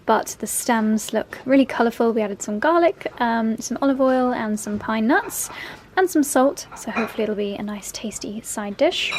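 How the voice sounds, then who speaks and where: Woman in her 30s, fashion vlogger, fairly high voice, gushing and giggly. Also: animated, normal speed, a little hiss or hum. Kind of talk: chatty vlog to camera.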